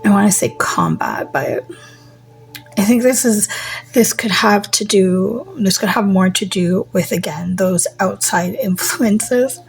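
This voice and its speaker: A woman giving a casual tarot reading, musing slowly, trailing off with fillers and slipping into soft near-whispers. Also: mid-range voice, animated, vocal fry, faint music behind, low-quality recording. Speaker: tarot reader.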